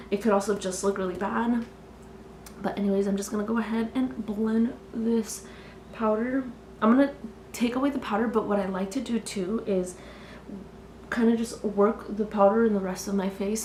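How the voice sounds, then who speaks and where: A woman's voice: mid-range voice, a little mellow. Young woman, kinda sick, rambling makeup chat w lots of likes, echoey room, faint hiss. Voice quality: chatty, rambling, filler-heavy. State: sick, slightly congested. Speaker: beauty vlogger. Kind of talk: casual get-ready-with-me chat.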